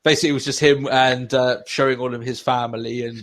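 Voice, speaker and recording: A man co-hosting a podcast, laughing easily and throwing in quick opinions. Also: medium pitch, flat delivery. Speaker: podcast co-host. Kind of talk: casual chat.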